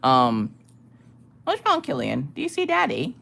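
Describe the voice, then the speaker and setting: Woman streamer, low voice that swings widely, casual, salty storyteller. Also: measured pace, creaky. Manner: animated, profane storytelling with frequent laughter. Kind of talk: casual live-stream chat.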